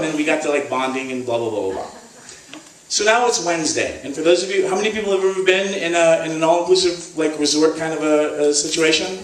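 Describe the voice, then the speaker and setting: A man telling a comic story to a live audience and acting out the people in it with lively voices. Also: on the high side, quick pace, a little hiss or hum. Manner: animated, acts out quotes in voices. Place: stage at a live event. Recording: roomy live venue, mic at a distance. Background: audience laughing.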